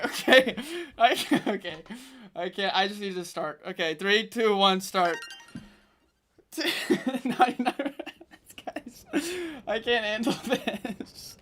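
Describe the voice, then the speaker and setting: A man's voice: high-pitched, a little hiss or hum. A young man live-streaming a game from home, chatting with his viewers, laughing a lot and joking at his own expense. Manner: excitable, self-mocking, laughs often, talks to chat. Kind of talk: casual live-stream chat while gaming.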